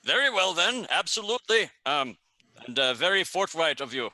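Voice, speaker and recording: A man's voice: fairly high pitch, very animated, normal speed, sharp tone, dry recording, pitched above the performer's own voice, full character voice, rough recording. Man doing a flustered, flowery traveling showman. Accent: poor Garundi. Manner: overly polite, flowery, flustered. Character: showman posing as traveling performer Jestil, Reikland.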